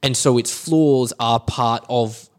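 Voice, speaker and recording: A young man in casual film chat, animated and opinionated, swearing now and then. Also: mid-range voice, takes it slowly.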